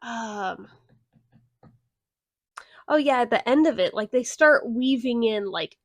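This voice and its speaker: A young woman talks through a movie review in a casual, blunt way, with plenty of sarcasm and swearing. Her voice sits a little higher than most, and the recording is dry and close with no room sound. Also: animated, takes it slowly, no echo.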